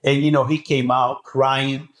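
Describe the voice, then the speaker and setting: A man telling a story as a podcast guest, talking excitedly and acting out what people said. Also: mid-range voice, measured pace. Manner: acts out quoted dialogue, excitable. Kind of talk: animated storytelling.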